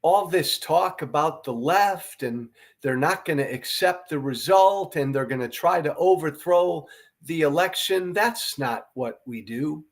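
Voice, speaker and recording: A man's voice: fairly high pitch, expressive, a little slow. A middle-aged man from the United States giving earnest, emphatic commentary to camera as a show host, often repeating his key phrases.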